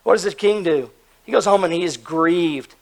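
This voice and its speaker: A hoarse man delivers an earnest sermon, his voice gravelly and pitched a little high. He preaches with emphasis and keeps asking his listeners questions. The delivery is that of a pastor. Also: normal speed.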